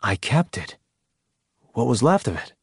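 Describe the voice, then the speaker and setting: A man voicing a calm older soldier who speaks in a quiet, insistent way in an audiobook. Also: medium pitch, a little slow, slightly rough, no room sound, clean studio sound, exaggerated voice.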